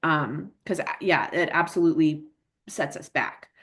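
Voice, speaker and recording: A woman's voice: deep voice, moderate pace, a bit bright. A woman presenting a parent workshop in a casual, chatty way, full of fillers and tag questions, who acts out emotions in her examples.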